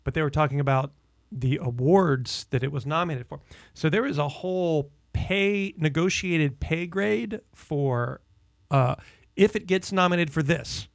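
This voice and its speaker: A middle-aged man telling animated, laughing anecdotes as a guest on a casual podcast. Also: fairly high pitch, unhurried, creaky, no echo, studio quality.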